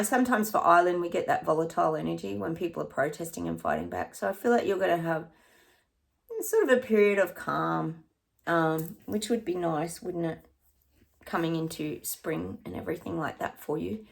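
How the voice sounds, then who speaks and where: A woman's voice: fairly low pitch, moderate pace, gravelly. A woman psychic chatting through her predictions in a rambling, casual way, sometimes dropping to a near-whisper.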